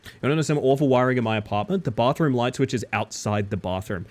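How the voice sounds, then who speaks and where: A man's voice: mid-range voice, fast talker, a little mellow. A young man streaming a game, chatting playfully and joking directly with his viewers. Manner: playful, joking, talks straight to chat. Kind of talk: casual live-stream chat while gaming.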